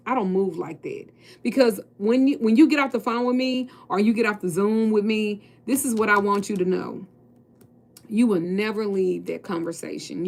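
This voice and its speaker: Blunt, preachy woman tarot reader. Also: mid-range voice. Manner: blunt, preachy, swears freely. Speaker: tarot reader and spiritual coach. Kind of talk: casual talk to viewers.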